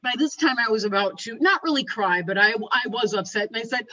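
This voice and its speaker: A woman's voice: fairly high pitch, a little fast, few pauses, muffled recording. A woman giving a humorous storytelling speech, acting out the dialogue, over a video call. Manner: animated, acts out the dialogue. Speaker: speaker at a speaking club.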